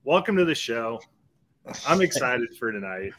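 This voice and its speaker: A man's voice: medium pitch, big pitch swings, measured pace, fairly bright tone. A man hosting a fantasy football podcast, ranting in a heated, profane way. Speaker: podcast host. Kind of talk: casual chat.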